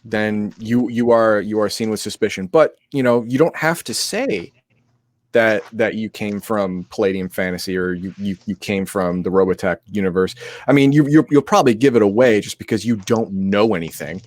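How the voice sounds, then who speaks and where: Sick and co-hosting an RPG stream, a man explains the game rules in a rambling, casual way, restarting often. His voice is lowish, his pace moderate, and the recording dry.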